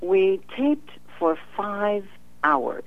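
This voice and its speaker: A woman at medium pitch, drawing out her words, tells an interview story as a professional psychic; the audio comes through a telephone, tinny and free of room sound. She's an animated narrator who voices the quoted dialogue and laughs often.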